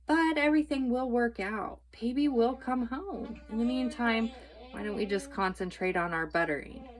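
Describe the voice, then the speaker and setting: A woman's voice: on the high side, moderate pace, voice pushed up, natural voice. Woman reading as a sweet soothing housewife, kinda fussy. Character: kindly, gentle middle-aged housewife.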